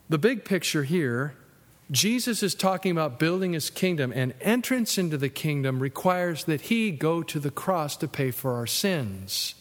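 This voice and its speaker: A man preaching a sermon in a lively, conversational way, jumping into high voices when he acts out what people said. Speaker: pastor. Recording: long hall reverb.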